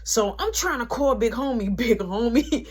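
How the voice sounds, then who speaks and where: A woman's voice: fairly high pitch, expressive, normal speed, breathy edge. A young adult woman telling a story in a casual, slangy, profane way and acting out each person's lines.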